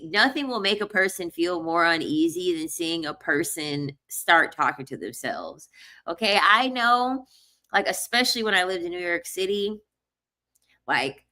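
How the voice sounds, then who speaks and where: Young woman vlogger, lower-pitched but bright, animated and chatty. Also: unhurried. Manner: animated, repeats herself, laughs often. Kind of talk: casual storytelling monologue.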